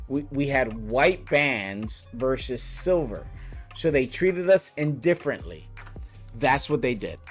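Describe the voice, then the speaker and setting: A man's voice: on the high side, a bit bright. A man telling an angry story about a bad trip, blunt and profane, repeating lines for emphasis. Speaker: vlogger.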